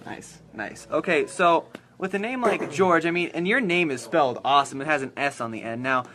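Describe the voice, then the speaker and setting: A man's voice: a little high, fairly quick, bright, forceful tone. A man interviewing a fighter in a casual, enthusiastic way, often saying "nice".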